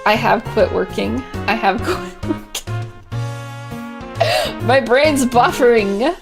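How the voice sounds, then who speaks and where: A woman's voice: fairly high pitch, slow, pauses often. A woman livestreamer chatting casually, giggly, with lots of filler words. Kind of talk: casual live-stream chatter. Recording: clear background music.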